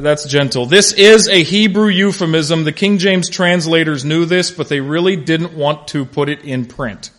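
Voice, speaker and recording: In a fairly high-pitched voice, a man runs a conversational Bible class, relating stories with lively delivery and calling on people in the class by name.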